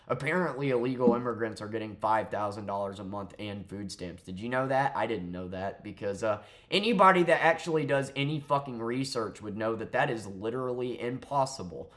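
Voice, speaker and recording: A man's voice: on the low side, a bit bright. A young man, delivering a heated, profane, sarcastic political rant straight to camera. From southern United States. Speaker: vlogger.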